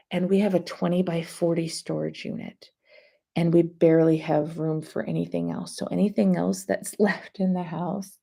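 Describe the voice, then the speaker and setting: A woman's voice: fairly low pitch, gravelly, warm tone. A woman hosting a casual live stream, rambling chattily and answering viewer comments as she talks.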